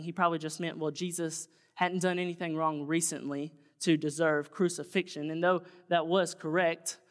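Man pastor, folksy sermon, higher voice, long church reverb. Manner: folksy, conversational preaching that turns earnest. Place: church sanctuary.

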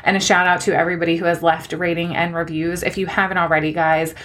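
A woman's voice: on the low side, flat delivery, fast, fairly bright tone. A young woman hosting a solo podcast, chatting in a gushing, encouraging way with frequent laughs. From New Jersey. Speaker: podcast host and online coach. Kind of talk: solo podcast life update.

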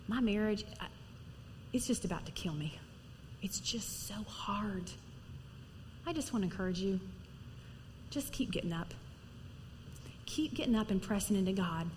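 A middle-aged woman preaching a sermon in a church, earnest and conversational, sometimes dropping to a soft near-whisper. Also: on the high side. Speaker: pastor's wife preaching. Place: large church hall. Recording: long hall reverb, faint noise.

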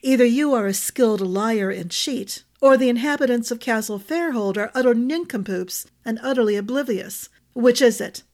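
Woman reading as a stern, pompous magistrate; slow, weighty, judgmental. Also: a little high, darkish tone, natural voice.

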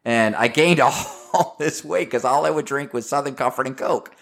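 A man's voice: medium pitch, moderate pace, vocal fry. A man co-hosting a casual podcast chat, swearing and laughing as he tells stories. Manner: swearing, laughing, animated storyteller. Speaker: podcast co-host.

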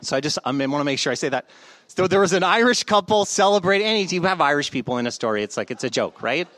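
Man, pastor, sermon, joking storyteller, high voice, dry close sound. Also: animated, quick pace, a bit bright, no room sound.

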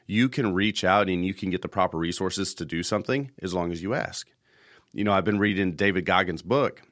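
Deep-voiced man hosting a casual podcast. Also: a little fast, fairly bright tone, no room sound, clean studio sound. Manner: rambling storyteller, repeats words. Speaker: podcast host.

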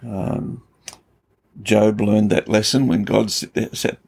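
This pastor has a low voice, gravelly with a husky, rough edge, and he takes it slowly. Teaching scripture in relaxed conversation, he tells the story with building, emphatic intensity.

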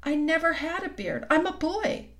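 A woman's voice: very high voice, expressive, normal speed, a bit bright, pitched above the performer's own voice. A woman reading a storybook aloud and voicing a nervous, awkward schoolboy who stammers and hesitates.

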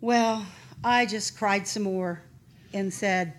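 A middle-aged woman telling a personal story in an earnest, halting, animated way. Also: medium pitch.

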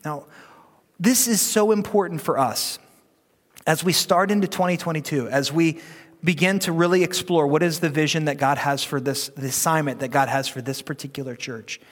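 High-voiced pastor preaching in a reverberant hall. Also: male voice, moderate pace. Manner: conversational and joking, leads the room in reading aloud. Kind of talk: sermon. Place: church sanctuary.

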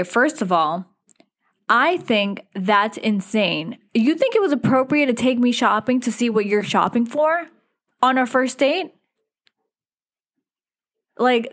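Chatty woman host telling a dating story. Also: mid-range voice. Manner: chatty, frequent "like" fillers, quotes others in animated asides. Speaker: podcast host. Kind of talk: casual storytelling.

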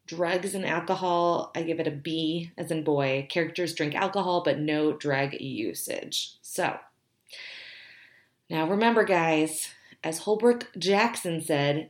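Chatty woman vlogger reviewing books, slightly low voice, echoey room. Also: slow. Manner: chatty and bubbly, laughing easily. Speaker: book reviewer. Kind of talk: casual chat to camera. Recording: roomy echo.

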